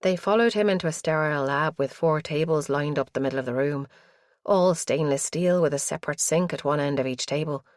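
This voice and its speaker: Low-voiced woman narrating a thriller. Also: brisk, no room sound, studio quality. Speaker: audiobook narrator. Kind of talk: scripted narration.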